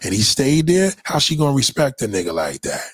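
A man's voice: medium pitch, sing-song, fairly quick, fairly bright tone, breathy edge, no room sound. A man in a blunt, crude rant full of swearing, speaking in a preachy tone. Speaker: commentator. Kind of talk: profane rant.

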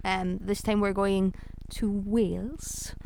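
A woman's voice: mid-range voice, steady tone, takes it slowly, vocal fry, a little mellow, slight background noise. A woman co-hosting a podcast, explaining things patiently in casual chat. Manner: explaining patiently, laughs easily. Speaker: podcast co-host.

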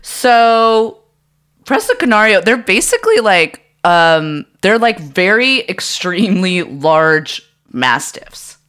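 A woman's voice: mid-range voice, big pitch swings, takes it slowly, fairly bright tone, clean tone. A woman co-hosting a podcast in casual chat, blunt and opinionated. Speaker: podcast co-host.

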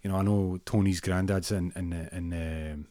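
A man's voice: low voice, steady tone, normal speed, dark tone, no echo, studio quality, lightly acted. A man voicing a hesitant young male stripper, talking casually with stammers. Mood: easygoing.

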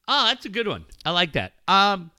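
A man's voice: sits high, bright, forceful tone, dry recording, clean studio sound. A man co-hosting a casual talk show, swearing a lot and mock-ranting sarcastically. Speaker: podcast co-host. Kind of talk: crude comedic banter.

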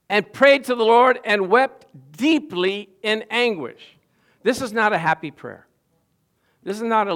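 A middle-aged man preaches with animated energy, rising from hushed asides to loud, emphatic declarations. His voice sits a touch higher than most men's, and he keeps putting questions to his listeners. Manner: animated preaching, swinging from quiet to loud, asks the congregation questions. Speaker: pastor. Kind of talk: sermon.

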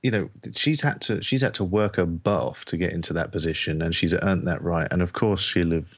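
A man co-hosting a casual podcast chat, giving measured, earnest commentary. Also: low voice, slightly rough, dry recording, highs cut off. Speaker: podcast co-host.

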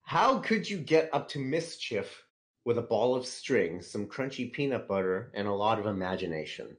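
A man's voice: on the low side, big pitch swings, normal speed. A man hosting a casual podcast, joking around and reading out listener questions. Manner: jokey, reads listener questions aloud. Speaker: podcast host. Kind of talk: casual chat.

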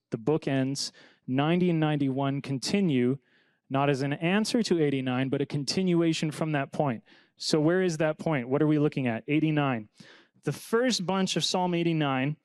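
A young man preaching as a pastor, reading scripture dramatically and talking to the congregation in a casual, animated way. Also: a little high, smooth, dry recording. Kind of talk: sermon.

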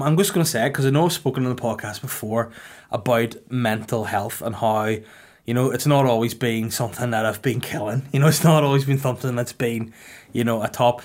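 A man, hosting a casual podcast chat with dry, deadpan banter. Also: mid-range voice, fairly quick. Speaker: podcast host.

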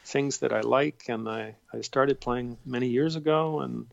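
A man, a guest actor, telling stories in an interview, warm and self-deprecating, halting with fillers. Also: medium pitch, gravelly, no echo, lo-fi sound. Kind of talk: interview, storytelling.

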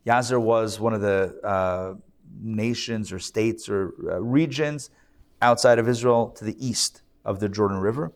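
A man's voice: fairly low pitch, measured pace. A man teaching a live scripture class as a rabbi, speaking conversationally with fillers and restarts.

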